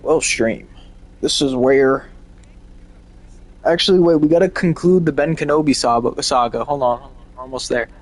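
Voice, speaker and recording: A man's voice: medium pitch, normal speed, rough recording. A young man streaming a game, chatting casually and rambling with lots of "like" and swearing. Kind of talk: casual gaming stream chat.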